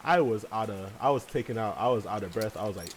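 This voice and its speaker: Rambling, lively-voiced gaming man. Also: on the low side, fast, a little hiss or hum, low-quality recording. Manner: chatty, rambling, swears, laughs often. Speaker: let's play host. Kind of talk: casual gaming commentary. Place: home room with large windows.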